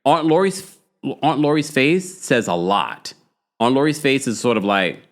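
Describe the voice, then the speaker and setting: Animated man hosting a live recap. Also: mid-range voice, measured pace. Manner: chatty and animated, with frequent fillers and asides to viewers. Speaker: host of a reality TV recap livestream. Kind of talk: casual live recap chat, reading out viewer comments.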